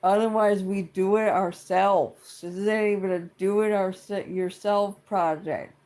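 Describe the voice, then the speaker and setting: A middle-aged speaker venting in a casual vlog rant, blunt and exasperated, with constant swearing and lots of repetition. The delivery is slow and drawn out, and the pitch sits in a middle range. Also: fairly even intonation, darkish tone. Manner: blunt and exasperated, heavy swearing, repeats itself. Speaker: vlogger. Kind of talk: casual profane rant to camera.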